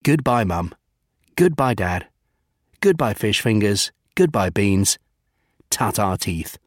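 A man narrating a children's storybook, savouring lists with gentle humour. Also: on the low side, big pitch swings, slow pace, no room sound, clean studio sound.

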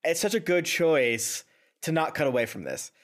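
A man co-hosting a podcast, reacting to anime episodes in casual chat, enthusiastic and quick to laugh. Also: on the high side, lively intonation. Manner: enthusiastic, laughing, acting out characters in voices. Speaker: podcast co-host.

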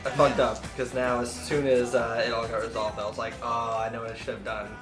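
A man's voice: medium pitch, little pitch movement, brisk. A man playing in a tabletop game, joking and laughing with the others. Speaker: player. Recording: echoey room with music behind.

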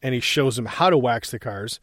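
A man's voice: medium pitch, a little fast, a bit bright, no echo. Man retelling movie scenes, dry mic. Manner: retells film scenes, quoting lines. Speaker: podcast co-host. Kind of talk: casual chat.

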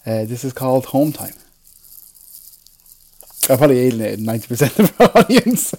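A man joining a casual podcast chat, joking and quick, swearing freely. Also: mid-range voice, very animated, a little mellow. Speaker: podcast guest.

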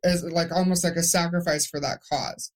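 Give me a young woman with a lowish voice talking candidly and emotionally as a podcast guest. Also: fairly even intonation, normal speed. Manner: candid, emotional, rambling with restarts. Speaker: guest, stroke survivor. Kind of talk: podcast interview.

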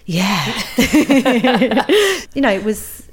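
A woman's voice: on the high side, drawn-out words, husky. A woman, talking frankly and animatedly as an interview guest. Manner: frank, animated, laughing easily. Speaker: guest, author. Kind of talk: interview conversation.

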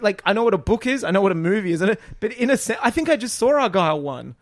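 A man co-hosting a podcast, in casual chat, retelling a film in an animated, exasperated way with rambling asides. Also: high voice, fast talker, hardly any pauses. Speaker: podcast co-host.

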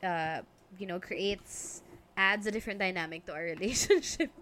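A woman's voice: medium pitch, normal speed, fairly bright tone, a little hiss or hum. A young Filipino woman co-hosting a casual podcast, chatting and giggling as she mixes English and Tagalog. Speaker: podcast co-host. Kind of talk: casual couple podcast chat. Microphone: podcast microphone.

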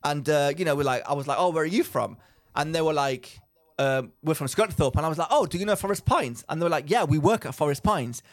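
A man's voice: a little high, fast. A man, co-hosting a casual podcast, rambling through a story, acting out what people said and laughing often. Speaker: podcast co-host. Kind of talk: casual chat.

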